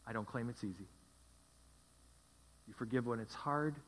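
A male pastor preaching a sermon, repeating key phrases with emphatic, dramatic pauses. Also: mid-range voice, a bit bright, long reverb tail.

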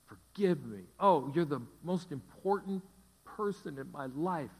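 A broken, tearful husband pleads over and over, his voice pushed high and strained as he begs not to be left, acted out by a preacher. The sound rings with the long reverb of a church hall. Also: expressive, a little slow, darkish tone, breathy edge, heavily acted. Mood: pleading. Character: distraught husband pleading for forgiveness.

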